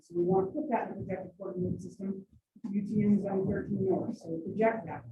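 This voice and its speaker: A woman lectures a class, her brisk, teasing manner drawing answers from the students. Her voice reaches the mic from across an echoey classroom, thin and phone-like. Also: medium pitch, sing-song, warm tone, distant mic, slight background noise. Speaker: college GIS instructor.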